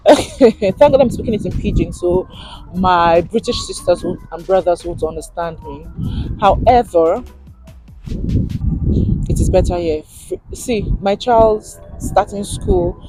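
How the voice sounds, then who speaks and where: A woman's voice: medium pitch, measured pace, soft background music. A woman in her thirties from Nigeria with a Nigerian accent, chatting animatedly in a vlog and slipping into pidgin. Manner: animated, mixes in pidgin, laughs often. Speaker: vlogger. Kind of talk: casual chat.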